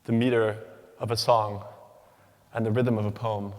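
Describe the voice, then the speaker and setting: A man giving a rehearsed academic talk from a stage, with rhythmic, measured delivery and deliberate pauses. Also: lowish voice, level tone, darkish tone. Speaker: doctoral student speaker. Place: large hall. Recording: long hall reverb.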